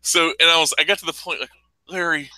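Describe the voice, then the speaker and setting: Casting: male podcast co-host, rambling and profane, very bright tone, dry close sound. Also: fairly high pitch, fairly even intonation, very fast, no room sound, poor audio. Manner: rambling, laughs often, profane. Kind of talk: casual gaming chat.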